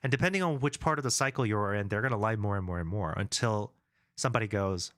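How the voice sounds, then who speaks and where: A man's voice: on the low side, lively intonation, quick pace, a bit bright, no room sound, clean studio sound. A man chatting casually on a live stream, rambling with many fillers and restarts while reading viewers' comments aloud. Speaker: game developer streamer.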